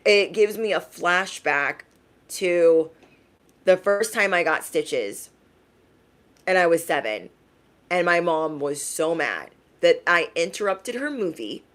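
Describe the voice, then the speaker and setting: A young adult woman giving a casual livestream tarot reading in a frank, emphatic way, often tagging her points with a quick question. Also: fairly low pitch, a bit bright. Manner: emphatic, frank, tags lines with "okay?". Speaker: tarot reader.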